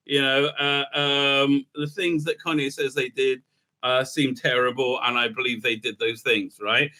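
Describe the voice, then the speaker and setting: A rabbi talking through a casual commentary monologue, rambling and sarcastic, breaking into laughter often. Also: male voice, medium pitch, measured pace, pushed and bright.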